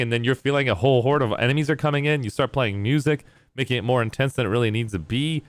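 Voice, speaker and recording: A man's voice: mid-range voice, racing, faint music behind. A male game streamer chatting casually, reading out chat messages and rambling in response.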